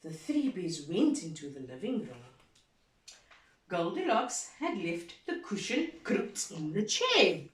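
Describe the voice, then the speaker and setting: A woman teacher reading a story aloud to children, animated and expressive, pausing to quiz the class. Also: lowish voice. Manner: animated, slow and expressive, asks the class questions. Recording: echoey room from far off.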